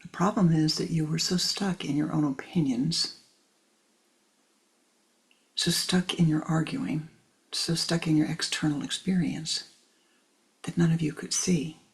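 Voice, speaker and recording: A woman voicing a wise, calm owl that gently chides, in a spiritual teaching story. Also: sits low, gravelly, rough recording. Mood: gently chiding. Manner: gently chiding, soft and unhurried.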